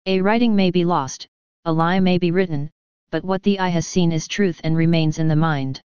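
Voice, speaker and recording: A woman voicing a grieving Malay man who speaks low, calm and composed. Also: moderate pace, smooth, dry recording, lo-fi sound, close to an everyday voice. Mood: quiet mournful.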